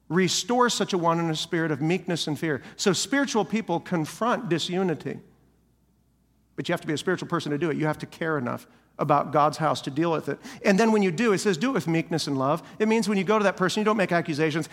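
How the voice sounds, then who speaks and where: A man's voice: fairly high pitch, lively intonation, quick pace, long reverb tail. A male senior pastor giving a sermon, preaching animatedly and acting out the voices of people he quotes.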